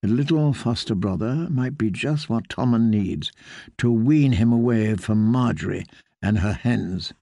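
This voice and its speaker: Gravelly male audiobook narrator. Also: medium pitch, no room sound, clean studio sound. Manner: measured, even storytelling.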